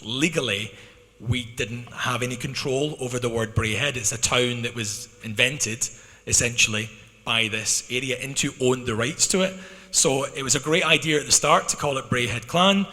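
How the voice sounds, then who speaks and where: A Scottish man from a club's management team answering fans' questions in an arena, lively and quick with frequent restarts. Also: mid-range voice. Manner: animated, talks fast with restarts. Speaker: club management speaking at a fan Q&A. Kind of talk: candid spoken answers to fans. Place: arena hall. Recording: long arena reverb.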